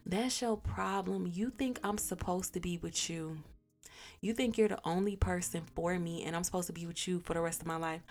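A woman's voice: on the low side, fairly even intonation, normal speed, a little mellow, natural voice. A woman quoting her ex-husband in a mocking, whiny voice while telling a story. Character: whiny, defensive ex-husband, adult man.

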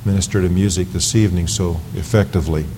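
A man's voice: low voice, steady tone, fast, warm tone, a little hiss or hum. Preacher man in a reverberant church. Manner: preaching with emphatic swells on key phrases. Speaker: pastor. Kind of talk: sermon. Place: church sanctuary.

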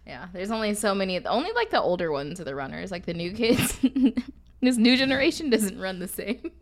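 Animated young woman telling stories. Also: normal speed. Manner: animated storyteller, acts out quotes in a higher voice. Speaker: podcast co-host. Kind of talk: casual chat.

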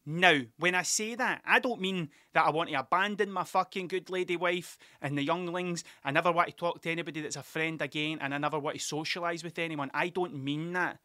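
A middle-aged Scottish man rants through a casual podcast monologue, swearing freely and restarting his sentences over and over. His voice sits a touch high and rings bright and forceful. The sound is close and dry, with no room around it. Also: brisk, hardly any pauses, no room sound. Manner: sweary, rambling, frequent self-interruptions. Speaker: podcast host. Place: workshop.

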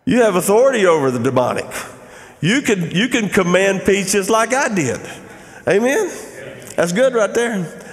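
A man's voice: high-pitched, sing-song, moderate pace, in a large hall. A middle-aged male pastor preaching a sermon in a conversational way, often asking the crowd "Amen?".

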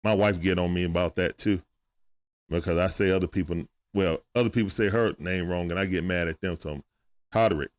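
A man's voice: low-pitched, brisk. A man giving casual play-by-play of a basketball game on a live stream, greeting viewers in chat and talking aside to his son. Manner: animated, greets chat viewers between plays.

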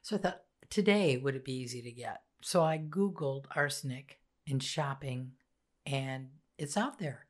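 A woman's voice: very deep voice, unhurried. A middle-aged woman, mother of a co-host, chatting in a rambling way about true crime on a podcast. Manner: chatty, rambling, trails off mid-sentence. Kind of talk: casual true-crime chat.

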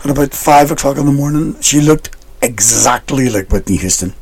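A man's voice: mid-range voice, expressive, gravelly, husky. A man hosting a casual, bawdy chat, giggling often and telling stories. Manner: giggly, storytelling, quick to laugh. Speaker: podcast host.

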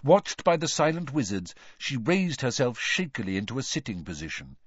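A man narrates an audiobook with an animated, widely moving pitch and an expressive delivery. The recording is dry, with a dull, lo-fi tone. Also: moderate pace, husky, dry recording. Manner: expressive, lively storytelling. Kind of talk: audiobook reading.

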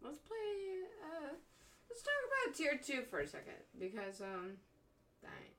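A young woman co-hosting a casual chat, animated, laughing often and swearing constantly. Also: high-pitched, measured pace. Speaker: podcast co-host.

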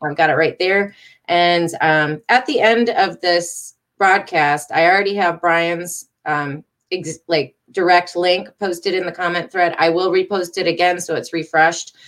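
A woman's voice: lowish voice, fairly even intonation, measured pace, a bit bright. A woman hosting a live stream, chatting casually, reading viewer comments and laughing often. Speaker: host of a live stream show.

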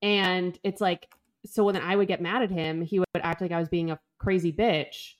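A young woman co-hosting a podcast, telling a story in an animated, casual way, full of "like" and the odd swear. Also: fairly low pitch, moderate pace. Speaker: podcast co-host. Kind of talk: casual chat.

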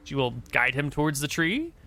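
A man narrating as game master in a tabletop role-play, relaxed and filling pauses with "um". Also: fairly high pitch. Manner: relaxed narration with frequent fillers.

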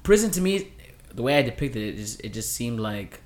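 A man's voice: medium pitch, big pitch swings, brisk. A man in his thirties, a podcast co-host, telling a long dream story with lots of restarts and asides. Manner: rambling storyteller, many restarts. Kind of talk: casual podcast chat.

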